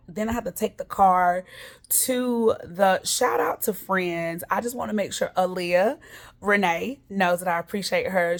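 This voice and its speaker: A woman hosting a podcast, telling her week's story in a candid, chatty way and talking straight to her listeners. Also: medium pitch. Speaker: podcast host. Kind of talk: casual storytelling monologue.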